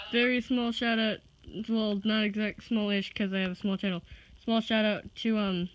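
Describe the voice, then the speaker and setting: A woman's voice: sits high, a bit bright, lo-fi sound. A young woman vlogging casually, giddy and rambling, often breaking into laughter. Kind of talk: excited casual vlog.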